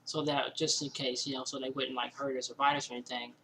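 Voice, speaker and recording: Bright-voiced man rambling through a story. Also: medium pitch, fast talker, slight background noise, rough recording. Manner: rambling, animated retelling with many fillers and quoted asides. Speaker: vlogger telling a personal story. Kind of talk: casual storytelling. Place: indoors at home.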